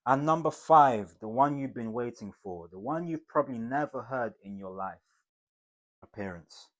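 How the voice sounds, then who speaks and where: A man teaching communication skills to camera in an emphatic, motivational way, swinging between loud bursts and hushed asides. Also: mid-range voice, lively intonation, normal speed. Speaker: communication coach.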